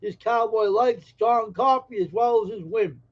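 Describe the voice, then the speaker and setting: A man's voice: high-pitched, normal speed, dull audio. A man hosting a casual live stream, joking brashly and teasing viewers in chat. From Massachusetts.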